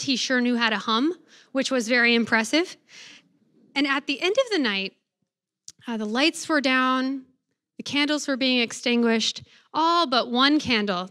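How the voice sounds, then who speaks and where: A religious sister gives a faith talk to college students in a high, bright voice. She lingers reverently over scripture and turns playful when she tells stories. The recording is dry and close. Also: clear, resonant tone, no room sound.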